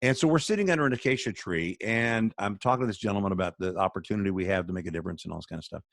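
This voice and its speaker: Male charity spokesman, earnest and sermon-like, lower voice, dry video-call sound. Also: very fast, gravelly, no echo. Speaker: charity spokesman, radio guest.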